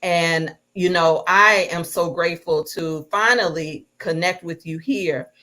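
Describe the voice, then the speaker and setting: A woman's voice: on the low side, unhurried. A woman hosting a livestreamed interview, praising her guest and talking directly to viewers. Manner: warm encouraging, addresses viewers directly. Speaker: host.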